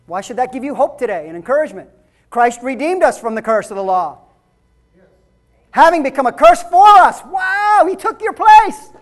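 A woman pastor giving a conversational sermon, asking the congregation questions and building to shouted emphasis. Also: on the high side. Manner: conversational preaching with rhetorical questions, rising to shouts.

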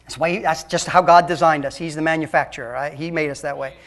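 A man preaching a sermon as a pastor, emphatic and swinging between loud and hushed. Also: a little high, steady tone, quick pace.

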